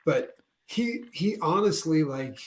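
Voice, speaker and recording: A man co-hosting a podcast, telling animated stories in casual chat and laughing often. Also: on the high side, slow pace. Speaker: podcast co-host. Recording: roomy echo.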